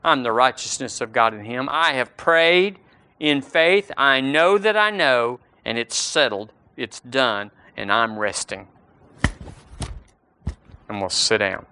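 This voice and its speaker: A man preaching a sermon, slowing down for scripture and rising on key words. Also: mid-range voice, animated, pushed and bright, a little hiss or hum.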